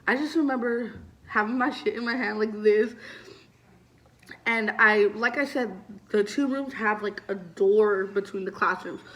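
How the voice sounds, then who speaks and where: A young woman vlogger tells a storytime in a chatty, loose way, loaded with "like," fillers and curse words. Her mid-range, medium-pitched voice keeps a measured pace, and she animates the retelling, getting loud when acting out scenes.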